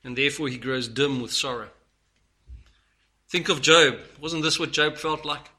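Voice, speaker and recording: A man preaching a sermon, earnest, moving between loud stresses and hushed lines. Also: mid-range voice, a little slow.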